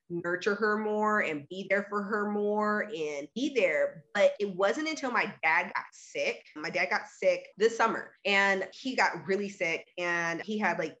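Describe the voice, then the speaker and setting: A woman in her thirties candidly telling a personal story in conversation, earnest, with quick bursts and many fillers. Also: mid-range voice, a bit bright. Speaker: guest sharing her story.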